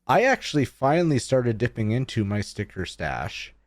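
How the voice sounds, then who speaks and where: A man's voice: medium pitch, big pitch swings, moderate pace, no room sound, studio quality. A man co-hosting a podcast, chatting casually and laughing easily. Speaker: podcast co-host. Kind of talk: casual chat.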